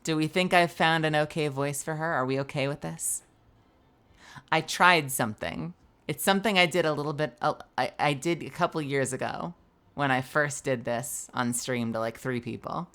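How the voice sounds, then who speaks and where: A tired woman streamer chatting loosely with her viewers. Her voice is low-pitched for a woman but bright and forceful, and she rambles with frequent giggles and restarts. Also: moderate pace. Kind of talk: casual chat with viewers.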